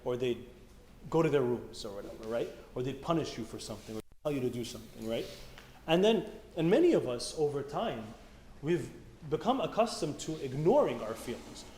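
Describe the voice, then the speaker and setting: His pitch is medium but swings widely, his delivery is brisk, and his tone is dark. He is speaking at a church youth meeting, giving an informal, conversational sermon peppered with questions for the audience, recorded in an echoey hall with faint room noise.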